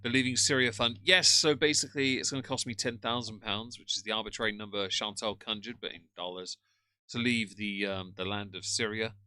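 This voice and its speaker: Sarcastic man, bright dry voice. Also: fairly low pitch, fairly even intonation, brisk, smooth, no echo. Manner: sarcastic, chatty asides to pets and viewers. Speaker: live streamer reacting to a video. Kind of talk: casual live-stream commentary. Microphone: headphones with a cable.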